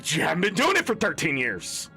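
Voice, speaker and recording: A man's voice: on the high side, wildly swooping pitch, a little fast, bright, forceful tone, soft background music. A man ranting in exasperated, emphatic commentary as a gaming content creator, swearing often.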